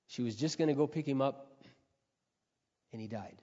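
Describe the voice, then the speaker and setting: A middle-aged man preaching a sermon, telling earnest personal stories and often clearing his throat. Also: medium pitch, moderate pace, mellow. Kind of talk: sermon storytelling. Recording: dull lo-fi audio with long hall reverb.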